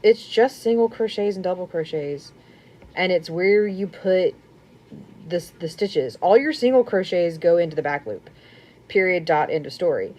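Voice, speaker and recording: Mellow-voiced woman chatting on a crochet stream. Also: lowish voice, lively intonation, normal speed. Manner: chatty, rambling, laughs often, drops to soft murmurs. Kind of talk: casual live-stream chat while crocheting.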